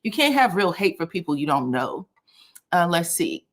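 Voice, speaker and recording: A chatty woman hosts a live stream from her home, calling out viewers and their cities in a loose, friendly way. Her voice sits a little low for a woman. She talks off the cuff, with plenty of fillers and asides to her chat. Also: normal speed. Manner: greets viewers by name and city, chatty and lively. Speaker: livestream host. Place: a cold room at home.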